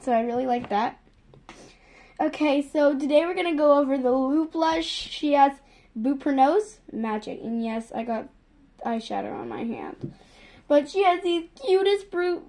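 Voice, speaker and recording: A young woman filming a casual unboxing vlog, gushing and excitable, piling up "literally" and "so excited". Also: sits high. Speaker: vlogger.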